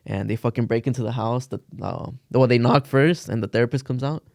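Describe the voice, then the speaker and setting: A man's voice: medium pitch, a little fast, creaky, darkish tone, no room sound, clean studio sound. A young man casually telling a long story on a podcast, rambling with lots of "like" and cursing slang. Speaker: podcast co-host.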